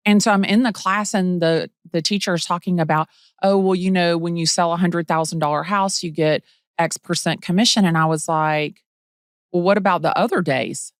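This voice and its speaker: Bubbly middle-aged woman telling stories, low voice, dry close sound, acts out what people said. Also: moderate pace, smooth, no echo. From Atlanta area. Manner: bubbly, animated, acts out quotes. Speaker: real estate agent, guest. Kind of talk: casual interview storytelling.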